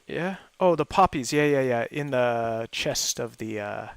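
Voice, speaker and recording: A chatty, easygoing man talks casually with friends while playing a game. His voice has a gravelly edge and sits at a middle pitch, and he often stops to think out loud. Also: expressive, unhurried, dry recording. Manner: thinks aloud with fillers. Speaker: gaming host playing with friends. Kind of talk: casual chat while gaming.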